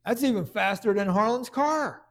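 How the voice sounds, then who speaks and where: High-voiced man preaching a sermon. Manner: conversational, halting restarts, bursts of emphasis.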